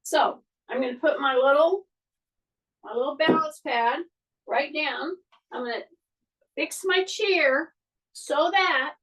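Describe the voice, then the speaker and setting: A woman's voice: sits high, distant mic, low-quality recording. A woman fitness instructor leading an exercise class, giving step-by-step cues and often checking in with "okay?".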